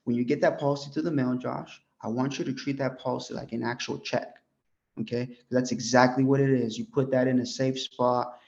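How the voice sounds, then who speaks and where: A young American man training insurance agents, animated and full of "right?" as he role-plays his pitch. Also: a little fast, creaky. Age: young adult. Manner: animated, peppers talk with "right?" and "bro". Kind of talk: sales coaching talk with role-played pitch. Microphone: group call. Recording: dull lo-fi call audio.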